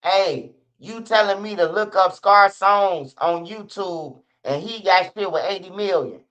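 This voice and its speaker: Chicago man, livestream host, blunt profane rant, fairly high voice, dull lo-fi sound. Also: a little slow, a bit bright. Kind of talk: casual livestream commentary. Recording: muffled lo-fi stream audio.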